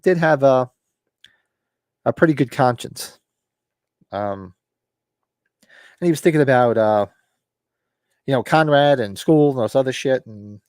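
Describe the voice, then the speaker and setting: Man, loose chatty book club recap, fillers and restarts, average pitch, dry close mic. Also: darkish tone, no echo. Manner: rambling, loose retelling with fillers and acted quotes. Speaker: podcast host.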